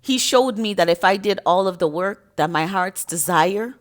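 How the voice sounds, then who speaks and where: A woman's voice: medium pitch, animated, unhurried. A woman giving an impassioned, emotional spiritual monologue to her viewers in a preachy, emphatic way. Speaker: spiritual content creator.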